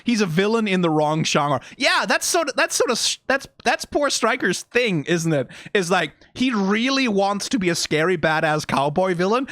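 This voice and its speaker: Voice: medium pitch, fairly bright tone, no room sound, clean studio sound. Rambling Danish-accented reactor. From Denmark. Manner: rambling, swears often, many fillers. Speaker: video reactor. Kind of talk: casual reaction commentary.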